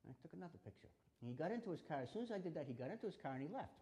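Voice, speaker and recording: A man teaches a room in a spoken, lively way, sliding up and down in pitch and acting out little exchanges as he goes. His voice sits a touch high for a man. The sound carries a long reverb, as in a big hall. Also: very fast, slightly rough. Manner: animated, acts out quoted exchanges. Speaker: self-defense instructor.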